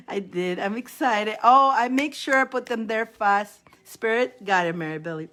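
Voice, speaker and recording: A woman's voice: a little high, lively intonation, a little slow, a bit bright. Chatty woman reading tarot live. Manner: chatty, repeats names, laughs often. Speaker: tarot reader.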